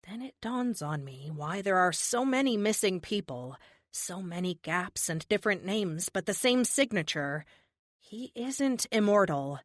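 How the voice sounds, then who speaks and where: A woman's voice: fairly low pitch, expressive, moderate pace, fairly bright tone, no echo. Woman narrating an audiobook, dry sound. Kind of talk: scripted first-person narration.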